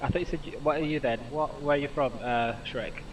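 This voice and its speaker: A man's voice: a little high, steady tone, far from the mic, noisy background. A man from England with a Yorkshire accent, chatting casually on a live stream while flying a sim, stopping often on "uh" and restarting his sentences as he answers chat. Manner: halting, lots of uh fillers and restarts, answering chat.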